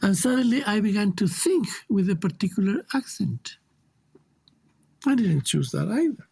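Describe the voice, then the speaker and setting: A man's voice: sits high, lively intonation, normal speed, vocal fry, darkish tone, breathy edge. A man with a Chilean Spanish accent, a guest teacher speaking reflectively and emphatically in an interview, often repeating words for stress.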